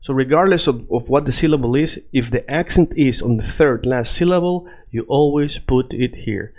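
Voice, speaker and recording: A man's voice: medium pitch, normal speed, darkish tone. A man teaching a lesson in English, patiently repeating words for learners. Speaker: Spanish teacher. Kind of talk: language lesson.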